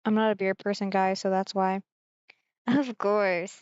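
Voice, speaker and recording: A woman's voice: mid-range voice, little pitch movement, fairly quick, a little mellow, clean tone, no echo, highs cut off. A woman from Germany streaming a visual novel, reading the story aloud and chatting with viewers in asides.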